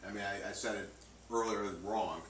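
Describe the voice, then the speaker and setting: A man's voice: fairly low pitch, fairly even intonation, a little fast, a bit bright. A man interviewing a band, asking questions in a casual, joking way. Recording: roomy, distant mic, faint noise.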